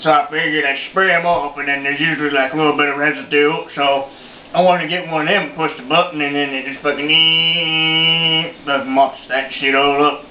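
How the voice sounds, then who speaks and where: A man's voice: fairly high pitch, steady tone, normal speed, slight background noise, natural voice. A man playing a foul-mouthed, boastful old redneck in his sixties, telling a rambling, profane story as a comedy monologue. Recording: roomy, dull lo-fi home video.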